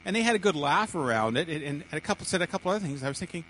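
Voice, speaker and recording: A man's voice: a little high, lively intonation, very fast, fairly bright tone, slight background noise, rough recording. A man preaching a sermon to a congregation, often stumbling, repeating words and restarting sentences.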